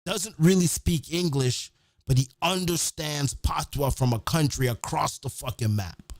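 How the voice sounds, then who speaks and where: Profane, animated man telling stories. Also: on the high side, unhurried, dry recording, studio quality. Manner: profane, animated, acts out quotes. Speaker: podcast host. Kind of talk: casual storytelling.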